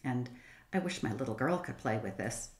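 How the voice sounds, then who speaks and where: A woman reading as a gentle, elegant gentleman. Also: extremely low pitch, animated, moderate pace, voice pushed down. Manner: gentle, courteous. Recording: roomy echo.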